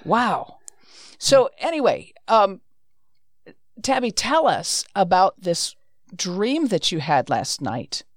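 A woman who hosts and leads a Christian ministry, speaking slowly and reflectively about her faith journey. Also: mid-range voice, big pitch swings, dry recording, studio quality. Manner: slow, reflective, testimonial. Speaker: ministry president and host. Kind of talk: faith talk show.

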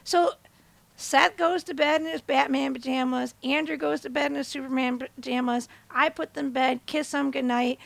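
High, gravelly-voiced woman telling a story. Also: moderate pace, no room sound. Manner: animated, acts out her own and others' words in bigger voices; conversational, asks listeners "right?". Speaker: host. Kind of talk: motivational storytelling talk. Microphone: camera.

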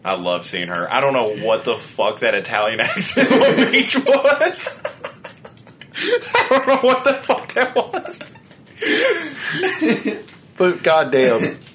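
A man chatting on a podcast with a bright, forceful voice and a blunt, swearing manner. He laughs often, with a faint hum of noise in the background. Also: medium pitch, sing-song, takes it slowly, pauses often. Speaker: podcast co-host. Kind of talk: casual podcast chat.

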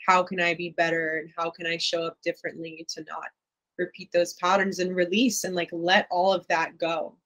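Young woman guest talking openly, lots of "like"s, kinda low voice. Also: little pitch movement, moderate pace, fairly bright tone, rough recording. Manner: reflective, candid, many "like" fillers. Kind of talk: casual interview talk.

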